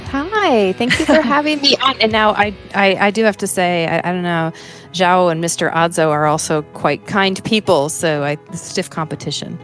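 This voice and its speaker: A woman's voice: lowish voice, normal speed, a bit bright, faint music behind. An American woman, a musician guest talking casually and easily in an interview. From United States.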